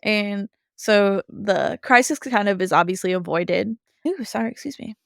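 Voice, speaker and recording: A woman's voice: medium pitch, moderate pace, gravelly, no room sound, clean studio sound. A woman co-hosting a podcast, recapping a cartoon episode in casual chat and acting out characters' lines along the way. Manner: animated storytelling, briefly acting out characters' lines. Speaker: podcast co-host.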